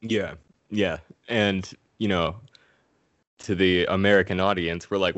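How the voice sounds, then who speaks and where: A man's voice: sits low, unhurried, no room sound. A man recapping a movie in a casual, profane, comedic way, acting out the characters in silly voices.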